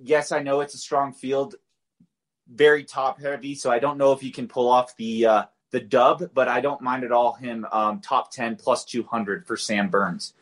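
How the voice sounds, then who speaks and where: A man's voice: medium pitch, steady tone, normal speed, fairly bright tone. Casual man talking golf picks. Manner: conversational, loose, filler-heavy, self-correcting. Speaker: podcast co-host, golf betting analyst. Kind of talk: casual betting picks talk.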